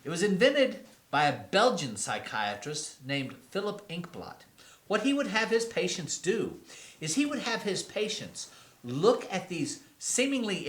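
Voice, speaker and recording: A man's voice: sits high, a bit bright, roomy sound, full character voice. A young man playing a smug quack doctor. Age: young adult. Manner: glib, mocking, puts on a fake French accent in jokes. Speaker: actor in a student comedy film.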